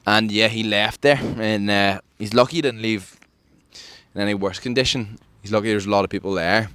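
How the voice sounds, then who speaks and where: Animated Irish man telling a story. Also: moderate pace, clear, resonant tone, dry recording. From Ireland. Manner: animated, acts out quotes with jumps in pitch. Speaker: podcast host. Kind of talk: casual storytelling chat.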